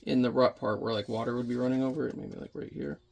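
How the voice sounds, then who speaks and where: Gravelly man chatting while painting. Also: mid-range voice, fairly even intonation, fast, a little mellow. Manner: rambling, muttering to himself as he works. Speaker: watercolor painting vlogger. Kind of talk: casual chat while painting.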